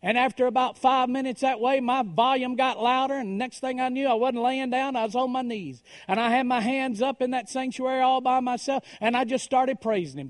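A man preaching a story-driven sermon, dropping to a hush and then rising to loud, dramatic swells. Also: extremely high pitch, brisk, hardly any pauses. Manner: dramatic, swings from hushed to shouting.

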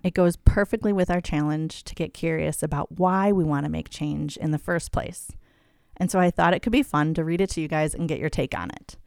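A woman's voice: sits low, a little fast, creaky, darkish tone, no echo, clean studio sound. A woman hosting a podcast, talking in a friendly, curious way. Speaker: podcast host. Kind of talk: casual podcast chat.

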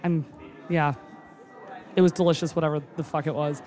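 A cook gushing about a tasting menu in casual chat, excitable and close to tears, with many fillers and some swearing. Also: medium pitch, normal speed. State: moved nearly to tears.

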